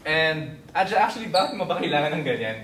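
A man's voice: fairly high pitch, big pitch swings, fast, fairly bright tone, a little hiss or hum. A young Filipino man, a medical student, leading a casual tour of his school in English mixed with Tagalog, chatty and playful. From Philippines. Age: young adult. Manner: chatty and playful, with easy asides. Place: indoor school hall and labs. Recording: echoey room from a distance.

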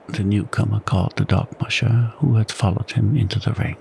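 Calm gravelly male narrator, whispered role-play. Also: lowish voice, a little fast, a little hiss or hum, low-quality recording. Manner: soft-spoken and calm. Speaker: audiobook narrator.

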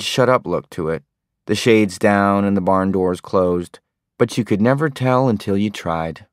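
Deep-voiced male audiobook narrator. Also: no echo, clean studio sound. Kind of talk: scripted narration.

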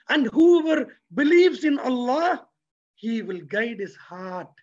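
Man lecturing, husky voice, rhetorical questions to the room, dull lo-fi recording. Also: extremely high pitch. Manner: asks the audience rhetorical questions; lively, preacherly delivery. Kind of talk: motivational religious talk.

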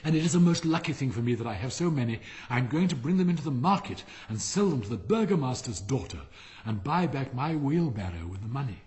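A man's voice: mid-range voice, lively intonation, brisk, darkish tone, long reverb tail, natural voice. A man voicing a simple, humble young gardener who speaks meekly and eagerly.

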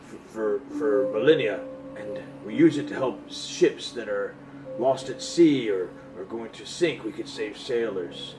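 A man's voice: mid-range voice, distant mic, lightly acted, low-quality recording. A man doing a rambling old lighthouse keeper. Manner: rambling, halting restarts. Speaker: game master voicing a character.

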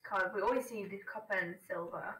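A woman's voice: mid-range voice, brisk, sharp tone. A woman co-streaming a game in casual chat, playful and exclamatory. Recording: roomy distant mic with faint hiss.

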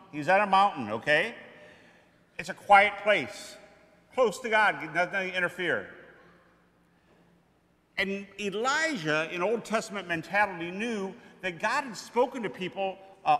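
A man's voice: high-pitched, lively intonation, normal speed, pushed and bright. A man, a priest, giving a sermon in a church, explaining plainly and putting questions to the congregation. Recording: echoey church hall.

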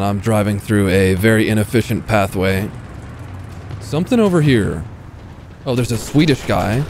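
A man with a fairly low voice talks through his tank match in a casual, excitable way, swearing freely and taunting the enemies he spots. He sounds like a gaming creator recording at home, and faint game noise sits under his voice. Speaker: gaming YouTuber. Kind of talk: casual gameplay commentary.

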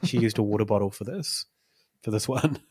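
A man's voice: fairly low pitch, fairly quick, a little mellow, breathy edge. A man, a podcast host rambling through stories with small chuckles. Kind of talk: casual chat.

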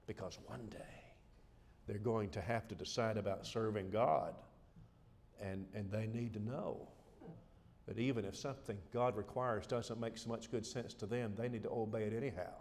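A middle-aged man delivering a sermon at a lecture. He speaks in an ordinary pitch for a man and presses his points earnestly. He often repeats a word as he leans into what he is saying. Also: brisk, darkish tone. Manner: earnest, emphatic, repeats words when stressing a point. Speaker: preacher. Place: lecture hall.

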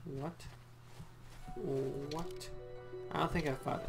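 A young man plays a video game and gives goofy, sarcastic commentary, talking back to the characters in a casual let's-play style. His voice is medium in pitch with little movement, a little slow, with vocal fry and frequent pauses. Game music plays under his commentary.

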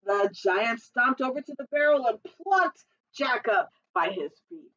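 A woman's voice: on the high side, lively intonation, unhurried, fairly bright tone, distant mic, dull audio. A woman librarian reading a picture book aloud at storytime, adding chatty asides to the children.

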